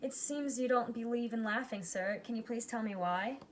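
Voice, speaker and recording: A woman reads a rhyming picture book aloud in a fairly high voice. She gives each character a lively turn without putting on big voices. A faint hiss of noise sits under the recording. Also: moderate pace. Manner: lively storybook reading with plain character voices. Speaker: reader.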